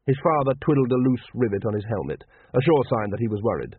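A man reading a comic fantasy novel aloud as narrator, in a dry, measured storytelling manner, on a tinny, phone-like recording. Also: mid-range voice, sing-song, breathy edge, no echo. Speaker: audiobook narrator.

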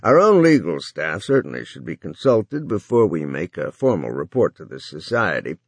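A man's voice: sits low, sing-song, normal speed, gravelly, husky, no room sound, pitched below the performer's own voice, exaggerated voice. A man voicing an older businessman droning formally over a one-way phone line in an audiobook.

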